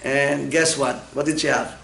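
A man's voice: medium pitch, fairly even intonation, moderate pace, creaky, fairly bright tone. Joking male lecturer in an echoey classroom. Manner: humorous, asks the class questions and answers them. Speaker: medical lecturer. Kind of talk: classroom lecture with personal anecdotes.

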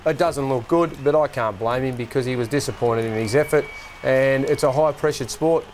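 A man's voice: mid-range voice, normal speed, darkish tone, slight background noise. A man on a sports show, earnestly defending a player.

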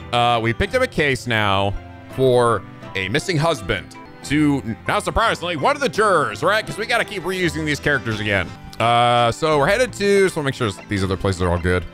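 Male let's-play host, animated and profane, soft game music under him. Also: mid-range voice. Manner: excitable, profane, laughing. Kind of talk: video game commentary.

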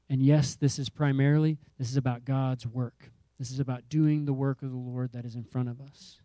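Male pastor, sermon delivery, emphatic and repetitive, warm tone, dry close mic. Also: medium pitch, dry recording. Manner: emphatic preaching with repeated phrases and rising calls.

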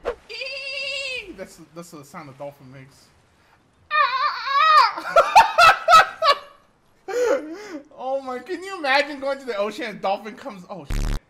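A woman's voice: high voice, wildly swooping pitch, takes it slowly, heavy background noise. A young woman giving casual commentary as she streams a game, swearing freely and laughing often. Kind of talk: casual live-stream commentary while gaming.

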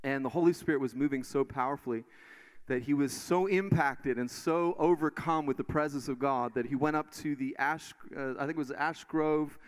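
A man preaching in church and telling testimonies in an animated way, full of restarts. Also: a little high, normal speed, clear, resonant tone. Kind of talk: sermon testimony. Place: church stage.

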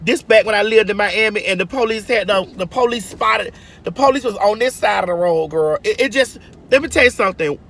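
A woman's voice: mid-range voice, a little fast, a bit bright. A woman in her forties, telling stories to her viewers in a sassy, chatty way while driving, calling them girl and honey. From Georgia, US. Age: 40s. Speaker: livestream host. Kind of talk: casual storytelling to viewers. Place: inside a car while driving. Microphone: phone. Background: car and road noise.

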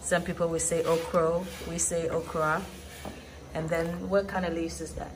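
Lady vlogging outside, lowish voice, lots of background noise, explains stuff step by step. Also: little pitch movement. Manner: explains things plainly, pausing often to find words. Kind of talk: casual vlog narration. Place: outdoor porch used as a kitchen. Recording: outdoor ambient noise.

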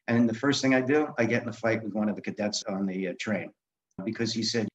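A man's voice: on the low side, steady tone, fairly quick. Older man telling blunt stories, muffled sound. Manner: candid, swearing, laughs while telling. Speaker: guest author. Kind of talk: storytelling interview.

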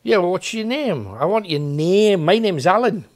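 A high-sitting male voice with lively intonation, at normal speed, belongs to a paranormal investigator hosting a ghost hunt. In an old building at night he keeps questioning the spirits, coaxing them and then making demands.

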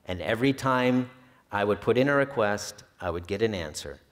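A man's voice: on the low side, normal speed. A male historian giving a public talk about his book, telling anecdotes in an easygoing way with occasional filler hesitations. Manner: relaxed storyteller with some filler hesitations. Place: library event hall. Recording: long reverb of a hall.

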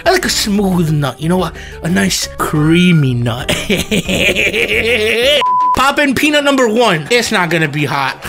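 A young man doing jokey, hyped-up comedic reaction commentary in a slangy style, often breaking into laughter and shouting. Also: sits high, big pitch swings, slow, gravelly, music in the background. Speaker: YouTuber.

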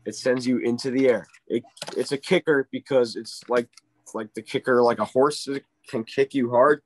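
A man who works as a ski instructor tells a story in a casual interview. He is animated and keeps checking in with "right?". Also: mid-range voice, moderate pace, slight background noise.

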